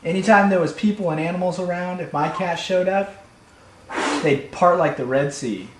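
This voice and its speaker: A man telling a comic personal story in an animated, playful way, recorded in an echoey room. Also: sits high, normal speed. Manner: animated, playful, builds to shouts. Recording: echoey room, faint hum.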